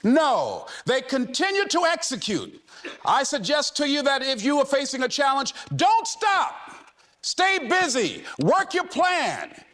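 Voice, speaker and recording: A man exhorts a crowd in a high voice that leaps up and down, shouting key lines and driving every phrase home with repetition. His delivery is fiery and relentless. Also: wildly swooping pitch, measured pace. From United States. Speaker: motivational speaker. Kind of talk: motivational speech.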